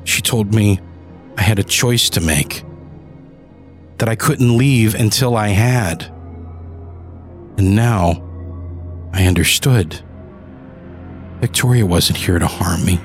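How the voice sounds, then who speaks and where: A man's voice: on the low side, slow, pauses often, soft background music. A man narrating a first-person audio drama, turning desperate and pleading in his own lines. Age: adult. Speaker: narrator and lead character.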